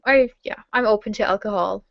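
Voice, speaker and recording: A woman's voice: medium pitch, fairly quick, creaky, no echo, dull audio. A young German woman answering viewer questions in a casual online hangout, rambling with lots of fillers as she reads questions aloud and answers them.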